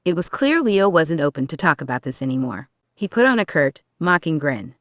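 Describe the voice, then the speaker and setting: A reader narrating a fan fiction audiobook in a steady storytelling way. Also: medium pitch, fairly quick, no echo, studio quality.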